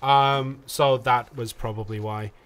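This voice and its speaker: A man's voice: mid-range voice, steady tone, a little slow, a bit bright. A man from England co-hosting a casual livestream game tutorial, chatty with lots of ums and restarts. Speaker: community manager co-hosting a game tutorial stream.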